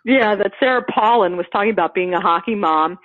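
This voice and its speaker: A woman telling a funny personal story in casual chat, animated and laughing often, acting out the quotes. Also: mid-range voice, a little fast. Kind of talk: casual anecdote. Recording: phone-like narrow sound.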